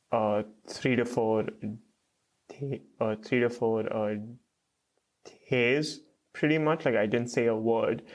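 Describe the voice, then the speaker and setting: Hesitant young man who stutters. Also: medium pitch. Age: young adult. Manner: slow, hesitant speech with stutters and many fillers. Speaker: podcast guest. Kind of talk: podcast interview.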